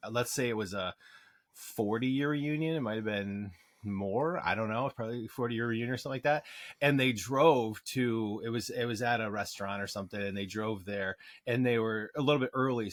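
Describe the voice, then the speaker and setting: A man in his forties, co-hosting a podcast in casual chat, halting and laughing often as he talks into a close desk mic. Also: lowish voice, fairly bright tone, no echo. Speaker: podcast co-host.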